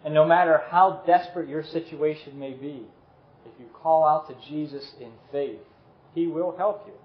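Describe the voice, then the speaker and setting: A man preaching a sermon and leading a closing prayer, earnest and dropping softly on key words. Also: a little high, moderate pace. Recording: echoey room, slightly dull sound.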